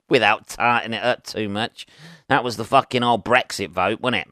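Sweary rambling podcast host. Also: male voice, lowish voice, measured pace, sharp tone, no room sound, studio quality. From England. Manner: sweary, rambling and chatty, asking rhetorical tag questions. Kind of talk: solo podcast monologue.

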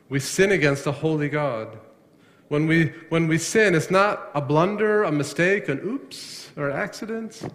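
A pastor preaching a sermon, asking his congregation questions and rising sharply in pitch to stress a point. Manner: asks the congregation questions, rises sharply on emphasis. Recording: long reverb of a hall.

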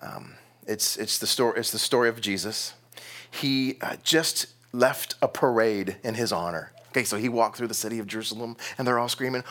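A man's voice: mid-range voice, moderate pace. A man preaching a sermon, emotional, moving between raised passages and near-whispered ones. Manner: emotional, swinging between loud and hushed. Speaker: pastor.

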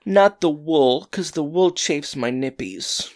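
A self-pitying young husband , put on by a man, whining in a strained, squeaky voice that jumps far above normal speech. Every complaint comes out drawn-out and sulky. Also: lively intonation. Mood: whiny. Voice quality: whiny, high and strained.

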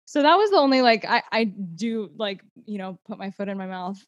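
A woman's voice: mid-range voice, lively intonation, fairly quick, no room sound. A young woman with an American accent, a musical theatre performer chatting as a guest, full of fillers and restarts. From United States. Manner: chatty, lots of "like" and restarts, laughs easily. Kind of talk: casual chat.

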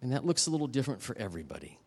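A man's voice: medium pitch, sing-song, creaky, darkish tone, husky. Man preaching in a candid, conversational way. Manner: personal storytelling, emotional and candid, quick asides to the audience. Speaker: guest preacher. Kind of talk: conversational sermon ending in prayer. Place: church service.

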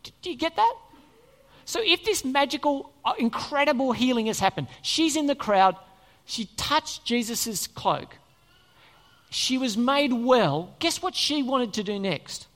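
Animated preacher in an echoing hall. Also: high voice, unhurried. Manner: conversational, asks the congregation questions. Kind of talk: sermon. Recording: long reverb in a church hall.

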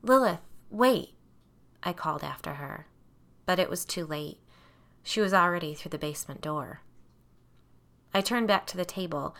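A woman narrates a first-person ghost story in a measured, hushed way. Her voice sits low for a woman, but the tone is bright and forward. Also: vocal fry. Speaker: audiobook narrator.

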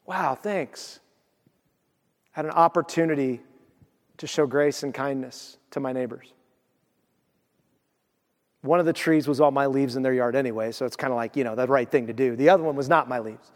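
A man's voice: medium pitch, fairly quick, pauses often. A male pastor preaching a sermon, telling stories animatedly and acting out the voices he quotes. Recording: long reverb of a church hall.

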